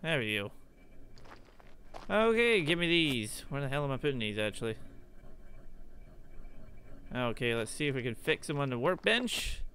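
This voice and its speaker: A man's voice: medium pitch, big pitch swings, normal speed, long pauses, bright, forceful tone, slight background noise. A young man casually commenting on his own gameplay, thinking aloud and exclaiming when things go wrong. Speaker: gaming video host.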